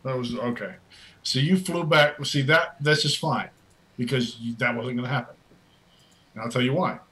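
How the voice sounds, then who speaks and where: A man serves as dungeon master, narrating the action in a bright, forward voice. His delivery is casual and easygoing, and the pitch sits in the middle of the range. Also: moderate pace, poor audio. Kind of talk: narrating a tabletop game.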